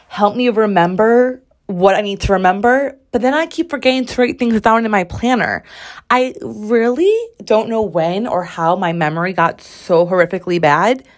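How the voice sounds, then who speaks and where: A woman's voice: mid-range voice, fairly quick. A woman in her twenties hosting a casual solo podcast, chatty and sassy, with many "like" fillers. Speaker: podcast host.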